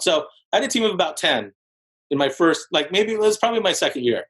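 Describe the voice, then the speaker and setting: A man in his forties speaks as a podcast guest in a loose, animated storytelling manner. His voice sits a little high for a man. He strings his story together with frequent "like" fillers. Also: fast talker, low-quality recording. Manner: animated storyteller, heavy use of "like", jumps into higher voices for quotes. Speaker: podcast guest, real estate broker. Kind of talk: casual storytelling interview.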